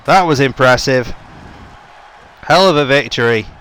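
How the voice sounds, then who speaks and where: A man's voice: medium pitch, measured pace, a bit bright, clean tone. A young man giving running play-by-play commentary on a wrestling video game, his voice jumping up on the big moves. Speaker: gaming YouTuber.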